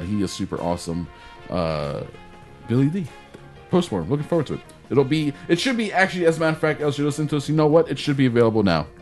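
A man's voice: mid-range voice, a little mellow. A man hosting a podcast in casual chat, rambling through plugs and correcting himself as he goes. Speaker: podcast host.

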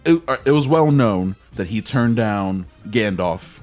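A man's voice: on the low side, unhurried, faint music behind. A man co-hosting a podcast, chatting casually and jokily, slipping into mock impressions. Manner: animated, jokey, slips into mock impressions. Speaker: podcast co-host. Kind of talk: casual chat.

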